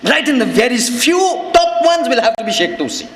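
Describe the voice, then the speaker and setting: Male preacher, very high voice, fervent and emphatic, long hall reverb on the recording. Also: sing-song, fairly quick. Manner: impassioned, frequently rising to shouts, emphatic repetition. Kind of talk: sermon. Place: large hall with live audience.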